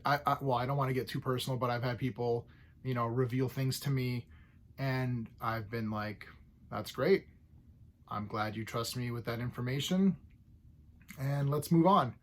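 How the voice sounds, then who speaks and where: Opinionated man ranting in a casual vlog. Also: medium pitch. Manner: opinionated, ranting about story tropes; frequent throat clearing. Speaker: comic book reviewer.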